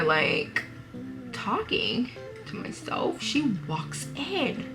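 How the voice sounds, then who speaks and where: A woman's voice: mid-range voice, pushed and bright. A young woman, chatting and laughing through a dramatic story while doing her makeup. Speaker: vlogger. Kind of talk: get-ready-with-me story time.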